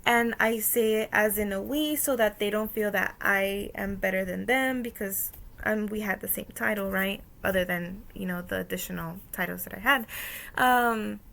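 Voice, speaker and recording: Gravelly-voiced woman recounting a work story. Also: mid-range voice, moderate pace, fairly bright tone. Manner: many "um" fillers and "like", storytelling with quoted dialogue. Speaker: student presenting a course activity. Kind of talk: casual spoken reflection.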